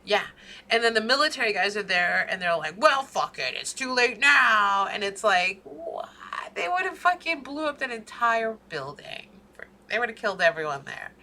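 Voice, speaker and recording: Woman, podcast co-host, casual chat, bright forceful tone, profane ranting storyteller. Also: mid-range voice, sing-song, moderate pace.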